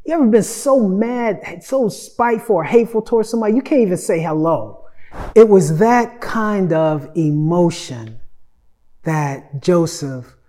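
A man delivers a sermon at an unhurried, deliberate pace. His tone is dark and mellow, and he moves between forceful, emphatic lines and soft near-whispers. He often repeats phrases and calls on his listeners to listen. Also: fairly high pitch. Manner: swings from loud emphatic preaching to soft near-whispered asides. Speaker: pastor.

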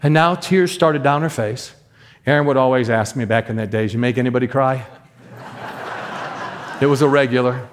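A middle-aged man preaching as a guest minister, telling a story with emphatic, animated delivery and acted sound effects. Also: mid-range voice, brisk. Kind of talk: storytelling sermon.

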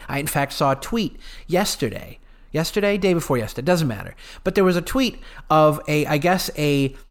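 Solo podcast host, male, fairly high voice, earnest and opinionated, rambles through fillers.

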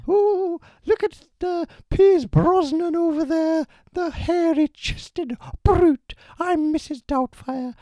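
A man putting on a shrill falsetto voice as Mrs Doubtfire, an elderly female nanny, loud and over the top. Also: slow pace, few pauses, no echo, studio quality. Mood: hammy. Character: cheery elderly female nanny, prim and hammy.

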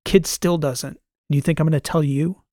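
A man voicing a hard, cynical male veteran soldier who talks gruffly and with contempt. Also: fairly high pitch, fairly even intonation, normal speed, mellow, no room sound, studio quality, lightly acted. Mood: menacing contempt.

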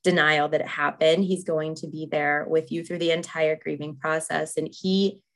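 A woman's voice: low voice, steady tone, moderate pace. A young woman hosting a faith-based podcast, talking candidly with many fillers and frequent laughs. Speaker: podcast host. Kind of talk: faith-based casual chat.

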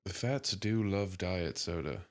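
Deep, slow, gravelly man. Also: expressive, no echo. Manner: dry, short reactive comments. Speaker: podcast co-host. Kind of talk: casual chat.

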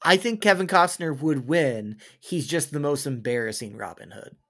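A man's voice: fairly high pitch, normal speed, bright, forceful tone. Chuckling, teasing male co-host. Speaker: podcast co-host. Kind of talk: casual chat.

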